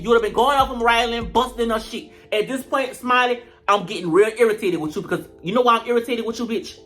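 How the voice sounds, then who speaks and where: A reality show reviewer talking in a casual commentary vlog, animated and profane, retelling scenes dramatically. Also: medium pitch, quick pace, few pauses, faint music behind.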